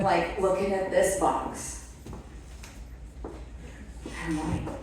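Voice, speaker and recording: Woman, testimonial talk, animated storytelling, slow pace, distant echoey hall. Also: mid-range voice, a little hiss or hum. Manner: animated storytelling, acts out her own past reactions. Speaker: speaker at a wellness product event. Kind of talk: motivational testimonial talk to an audience. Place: event hall. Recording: echoey room, voice from far off the mic.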